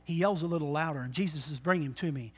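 A man preaching a sermon, moving from quiet, intimate talk to loud exhortation and acting out the voices of people in his stories. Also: a little high, rapid-fire, slightly rough. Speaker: pastor.

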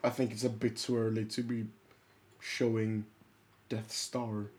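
A man's voice: on the low side, level tone, a little slow, a little mellow. A man chatting casually and enthusiastically, rambling a little as he talks. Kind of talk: casual chat.

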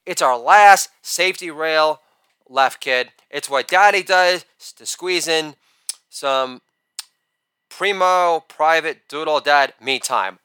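A man in his forties delivering a rapid-fire joke monologue, brash and crude, with loud shouted catchphrases. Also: on the high side, animated, clean tone, dry recording. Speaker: comedian.

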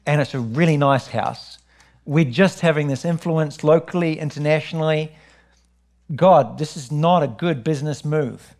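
Animated New preacher man. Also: normal speed. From New Zealand. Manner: animated storytelling, rising high when excited. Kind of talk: sermon with personal testimony.

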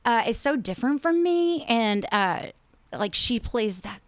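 A woman stage actor talks eagerly in an interview, full of fillers and warm praise. Her voice is smooth and fairly high, recorded dry and close. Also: very animated, measured pace, no room sound. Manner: gushing, many fillers. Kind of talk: casual interview chat.

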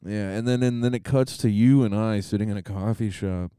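A young man riffing on a comedy podcast, swearing freely and laughing through his stories. His voice sits low and mellow, smooth and clean. The sound is dry and close. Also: fairly quick, no echo. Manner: crude, laughing, acts out quotes in funny voices. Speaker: podcast co-host. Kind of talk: casual comedic chat.

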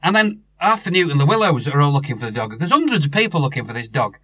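A man's voice: a little high, sing-song, fast talker, sharp tone, breathy edge, no room sound. A middle-aged man, telling a rambling story in casual chat, with many restarts. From North West England.

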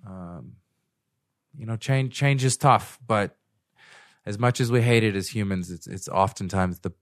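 A man's voice: lowish voice, unhurried, dry recording, clean studio sound. A young man hosting a podcast in casual chat, rambling and joking, laughing often. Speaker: podcast host. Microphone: studio microphone.

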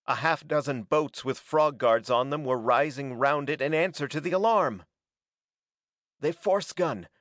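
A man reading a pulp adventure story aloud as a dramatic, steady narrator. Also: mid-range voice, normal speed, few pauses, no room sound, clean studio sound. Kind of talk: scripted audiobook narration.

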